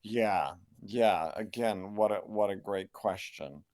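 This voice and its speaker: An older man, a New Testament scholar, answering interview questions in a measured, reflective way with frequent restarts. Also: fairly low pitch, darkish tone. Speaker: New Testament scholar and Bible translator, guest.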